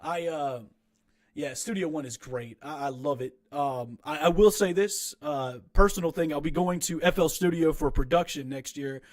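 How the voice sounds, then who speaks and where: A young man with a fairly high-pitched voice speaks at normal speed from his small home recording room. Rambling and restarting often, he frankly and self-deprecatingly critiques his own rap track in a casual way.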